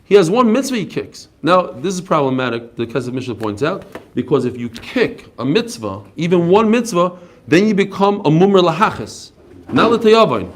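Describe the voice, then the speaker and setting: Man teaching talmud, lively storytelling, slightly high voice, faint hiss. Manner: animated storytelling, quick asides. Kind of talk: daily Talmud class. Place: study hall class.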